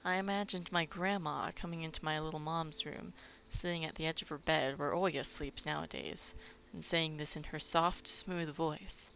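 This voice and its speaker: A woman's voice: sits low, fairly even intonation, moderate pace, creaky, hardly any pauses, a bit bright, a little hiss or hum. A woman playing a video game who reads its text aloud and breaks off into playful, chatty asides. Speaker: let's play gamer. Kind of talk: reading game text aloud with casual commentary. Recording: dull recording with game music.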